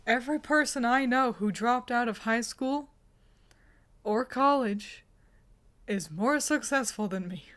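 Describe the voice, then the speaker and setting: A woman streamer chatting casually with her viewers, handing out teasing, mock-insulting advice and laughing often. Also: fairly high pitch. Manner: admits she is bad at whispering. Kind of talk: casual livestream chat.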